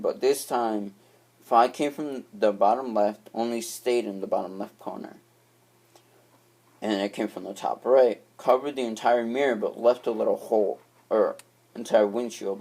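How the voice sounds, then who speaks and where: Young male vlogger, slightly low pitch, loose storyteller who backtracks and swears casually. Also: darkish tone. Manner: rambling, with frequent restarts and swearing.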